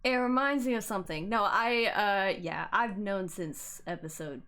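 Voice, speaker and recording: A woman streaming a game, reacting with excited, rambling commentary. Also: medium pitch, moderate pace. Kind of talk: let's-play reaction commentary.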